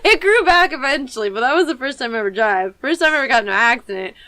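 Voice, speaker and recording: A woman's voice: fairly high pitch, very fast, dry recording. A woman, chatting expressively on a casual podcast. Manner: expressive, talks with her hands. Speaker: podcast co-host. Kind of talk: casual chat.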